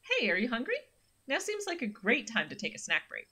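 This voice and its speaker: A woman's voice: fairly high pitch, huge pitch swings, fairly quick, bright, forceful tone, breathy edge, voice pushed up, full character voice. A woman voicing a friendly, chatty young female hiker in a horror game.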